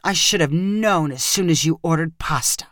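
A woman's voice: mid-range voice, big pitch swings, slow, a bit bright, no room sound, clean studio sound. A woman voicing an indignant young woman who feels betrayed by her friends, in a pointed, wry tone. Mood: hurt.

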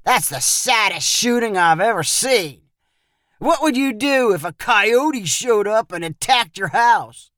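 A woman's voice: fairly high pitch, expressive, takes it slowly, a bit bright, dry recording, clean studio sound, voice pushed up. A woman voicing a rowdy male ranch visitor who taunts and mocks in a storybook reading. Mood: mocking. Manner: taunting, laughing.

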